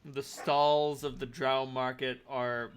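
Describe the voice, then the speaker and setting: A man narrating a tabletop game as game master, halting with many fillers and restarts. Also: medium pitch, little pitch movement, smooth.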